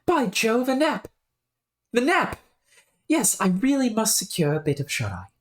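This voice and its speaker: A woman voicing an eager, polite young alien girl scholar in a put-on British accent, talking in a chatty, formal and excitable way. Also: fairly high pitch, unhurried, pitched above the performer's own voice. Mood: excited.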